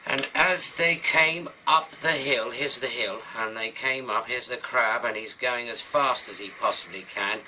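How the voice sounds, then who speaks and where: A man's voice: mid-range voice, moderate pace, hardly any pauses, noisy background. A British man telling a children's story while he draws and colours, with rambling, chatty asides.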